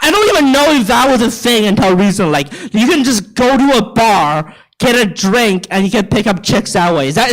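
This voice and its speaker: A man's voice: high-pitched, fairly bright tone, poor audio. A young man from China doing live stand-up in a theater, ranting profanely and stammering over his words. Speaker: stand-up comedian. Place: theater stage.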